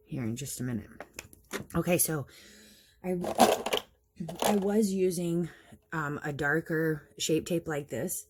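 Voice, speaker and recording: A woman's voice: low voice, background noise. A woman chatting casually through a makeup tutorial, explaining each step and laughing at herself now and then. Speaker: makeup vlogger.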